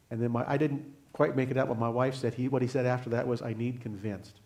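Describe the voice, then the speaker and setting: A man's voice: mid-range voice, fairly even intonation, a little mellow. Older man giving earnest sermon testimony. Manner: earnest storytelling with pauses. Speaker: guest speaker.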